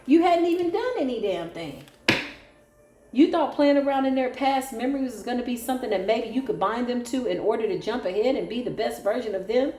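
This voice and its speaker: A woman's voice: fairly high pitch, quick pace, hardly any pauses, mellow. Sassy woman tarot reader, echoey room. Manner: sassy, sarcastic, preachy. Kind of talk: solo tarot reading. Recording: echoey room with faint music.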